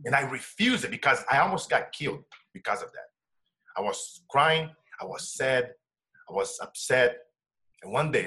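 A man from Brazil, an interview guest and coach telling his life story with animated shifts between hushed tones and loud laughing bursts. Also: mid-range voice. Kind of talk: emotional storytelling in conversation.

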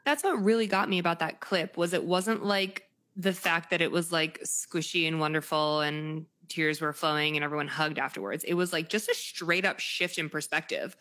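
A woman's voice: low-pitched, moderate pace, few pauses, a bit bright. A young adult woman hosting a podcast, talking candidly and bluntly, with casual swearing.

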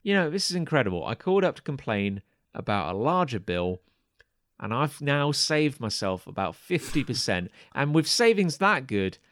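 Male podcast co-host, lively storyteller with a very animated pitch, dry close sound, stammers and restarts as he goes. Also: moderate pace, no echo. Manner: rambling anecdote with stammered restarts and acted quotes. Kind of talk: casual chat, storytelling.

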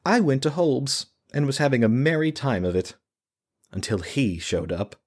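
Storybook role: man doing a defeated village mother, flat bitter monotone, lifted pitch. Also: moderate pace. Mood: weary, bitter.

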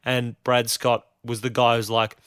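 A man with an Australian accent, a guest on a sports podcast, talking about his club in a wry, self-deprecating way full of quick asides. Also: mid-range voice, completely flat delivery, a bit bright, smooth, dry recording, clean studio sound. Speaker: guest supporter. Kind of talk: casual sports chat.

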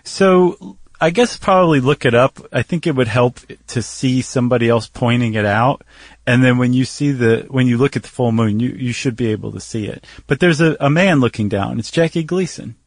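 A man's voice: medium pitch, normal speed, no room sound. A man co-hosting a podcast in casual chat, wry and joking. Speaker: podcast co-host.

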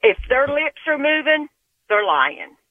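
A woman with a Tennessee accent calls into a radio show. She talks slowly and earnestly in a fairly high voice. Her voice comes through a tinny phone line. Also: sing-song, dry recording. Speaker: caller. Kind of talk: call-in radio comment.

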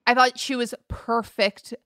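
A woman's voice: fairly high pitch, steady tone, a little slow, fairly bright tone, no echo, studio quality. A woman co-hosting a casual film chat, gushing and tearful as she talks. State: crying. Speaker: podcast co-host. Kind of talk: casual chat about films.

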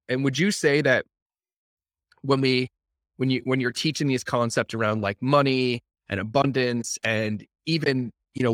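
An adult working professional hosts a casual podcast conversation in a mid-range voice, talking with energy and repeating words for emphasis. The recording is clean studio sound with no room sound.

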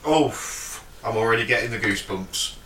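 A man's voice: fairly low pitch, normal speed, a bit bright, recorded from a distance. A man chatting on a podcast with friends, jokey and a bit sweary. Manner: jokey, sweary, laughs a lot. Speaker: podcast co-host. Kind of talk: casual chat. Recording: echoey room, off-mic.

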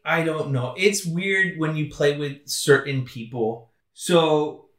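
Male co-host, lively storyteller who acts out quotes, recorded in an echoey room from a distance. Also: on the high side, takes it slowly. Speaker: podcast co-host. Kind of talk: casual chat, storytelling.

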